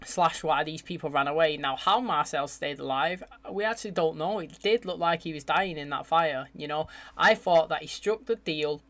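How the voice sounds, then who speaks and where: A young man with an English accent, chatting casually as he reacts to a TV episode, saying "mate" often. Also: fairly high pitch. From England. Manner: chatty, animated, says "mate" a lot. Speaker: TV reaction host.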